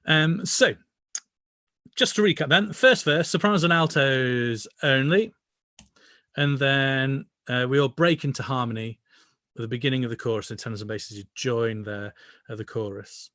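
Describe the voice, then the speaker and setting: A man with a British accent leading an online choir rehearsal, singing each part and then gently explaining it. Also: mid-range voice, normal speed, no room sound, clean studio sound. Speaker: choir director. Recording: voice over loud music playback.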